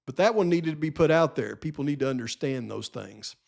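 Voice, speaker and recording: A man with a fairly high voice speaks alone as a channel host. He talks in an insistent, lecturing way and hammers home each point. An edge of frustration runs under his commentary. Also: lively intonation, a little fast, gravelly, a little mellow. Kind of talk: solo true-crime commentary.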